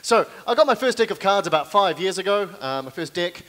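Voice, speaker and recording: A young man with a New Zealand accent performs stand-up comedy on a live stage, with a slightly high voice. He keeps up a self-deprecating patter with deadpan asides to the crowd. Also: a little fast. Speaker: comedian and card manipulation performer. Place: live venue stage with audience.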